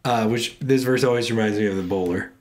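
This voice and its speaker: A man co-hosting a casual talk show, reading scripture passages aloud and then riffing on them with playful, animated asides. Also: fairly low pitch, brisk, slight background noise. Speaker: podcast co-host reading scripture. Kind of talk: casual chat.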